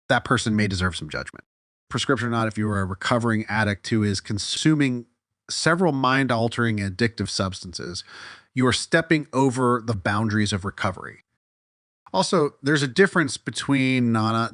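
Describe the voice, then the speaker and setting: A man narrating a scripted commentary voice-over in a critical, measured way, with occasional fillers. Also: on the low side, fairly bright tone, no echo, studio quality.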